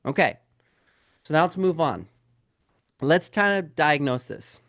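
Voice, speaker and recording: A real estate sales trainer teaches a live sales webinar, addressing his audience directly as "guys" and firing rhetorical questions at them. His fairly high, fairly bright voice is expressive, his pace a little slow, and the studio sound is clean and dry.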